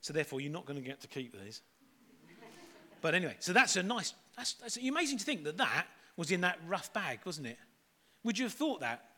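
A man's voice: on the high side, big pitch swings, brisk, bright, forceful tone. A middle-aged man giving a playful, chatty children's talk at church.

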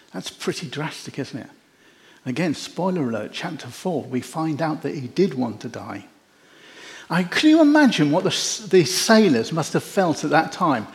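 A man preaching a sermon, telling the story in an animated way with wry jokes. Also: a little high. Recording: echoey hall.

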